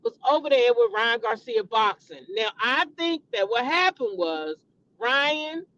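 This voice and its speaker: Animated gossip-show woman, lively pitch. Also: a little slow, no room sound, muffled recording. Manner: animated, chatty, addresses viewers as y'all, frequent swearing. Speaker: celebrity gossip show host. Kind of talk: casual gossip commentary to viewers.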